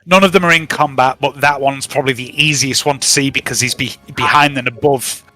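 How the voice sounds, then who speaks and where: A man's voice: medium pitch, fairly even intonation, a little fast, low-quality recording. A man running a tabletop game as game master, joking and playfully bossy with his players.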